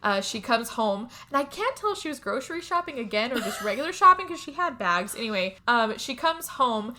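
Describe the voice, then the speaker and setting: A woman co-hosting a podcast, recapping a film's plot in casual chat, animated, laughing often and swearing freely. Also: a little high, brisk. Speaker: podcast co-host.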